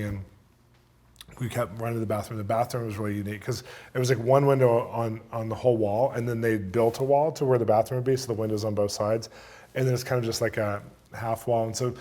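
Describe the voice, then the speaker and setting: Man telling a wild story with laughter. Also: mid-range voice. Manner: excited, laughs through the telling, acts out voices. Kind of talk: animated storytelling.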